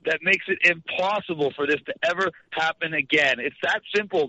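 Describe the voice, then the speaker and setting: Man, from Canada, radio guest, ranting, very sharp bright tone, dull lo-fi radio sound. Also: on the high side, brisk, few pauses, no echo. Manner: impassioned, ranting. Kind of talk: heated talk radio interview.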